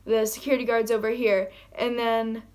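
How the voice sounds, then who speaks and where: Excitable woman vlogger, slightly high voice. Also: moderate pace. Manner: excited rambling storytelling, many "like"s and "oh my gosh"; acts out quoted lines in her own voice. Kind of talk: casual storytime vlog.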